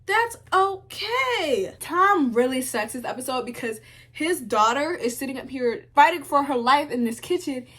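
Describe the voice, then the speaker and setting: A young woman recapping a TV show in casual commentary, sassy and animated, talking back to the characters. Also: high voice, normal speed. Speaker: video essay host.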